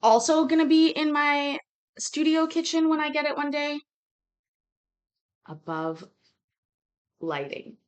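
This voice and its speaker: This is a woman in her thirties chatting loosely while she cooks. Her voice rises and falls a lot, and she drifts from topic to topic with casual swearing. The delivery stays relaxed and conversational. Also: high-pitched, slow pace, long pauses. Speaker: cooking vlog host. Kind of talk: casual chat while cooking.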